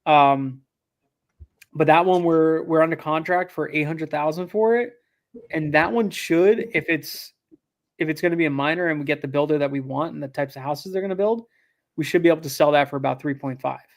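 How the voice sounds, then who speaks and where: Higher pitched guy telling a deal story, acts out the quotes, lots of ums. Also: brisk. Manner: animated, acts out quotes, frequent fillers and restarts. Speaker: land investor guest. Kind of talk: casual interview storytelling.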